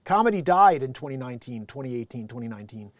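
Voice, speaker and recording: A man hosting a live daily news-comedy show, ranting off the cuff with a loud, profane, emphatic delivery. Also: mid-range voice, big pitch swings, fast, no echo. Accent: Connecticut. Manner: loud, emphatic and profane, swings between shouting and muttering. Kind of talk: unscripted ranting commentary on news.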